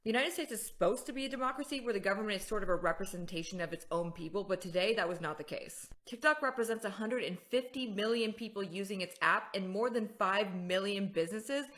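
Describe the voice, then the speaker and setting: A woman's voice: medium pitch, fast talker, few pauses, fairly bright tone. A woman giving earnest political commentary straight to the camera.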